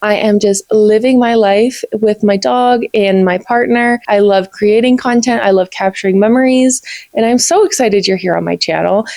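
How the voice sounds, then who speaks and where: A woman's voice: medium pitch, moderate pace, vocal fry, a little mellow, dry recording. Bubbly woman in her twenties. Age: 20s. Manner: bubbly and gushing, many "like"s. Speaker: book vlogger. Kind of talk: casual chat to camera.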